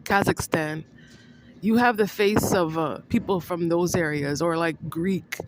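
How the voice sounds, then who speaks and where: A woman vlogger in a rambling monologue, accusing someone she addresses by name, repeating herself with halting restarts. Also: lowish voice, slight background noise, low-quality recording. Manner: accusing, repetitive, addresses an absent person by name; halting, with many restarts and fillers.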